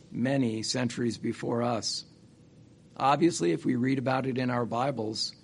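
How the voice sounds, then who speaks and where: Man, sermon, earnest, halting, rhetorical questions, mid pitch, faint background noise. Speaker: church speaker.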